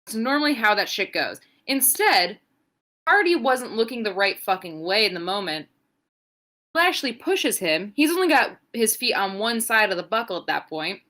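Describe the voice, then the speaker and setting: A woman's voice: mid-range voice, sing-song, moderate pace, pushed and bright. A young adult woman co-hosting a podcast, giving a sarcastic, profane, rambling play-by-play recap. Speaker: podcast co-host. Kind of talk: casual wrestling recap.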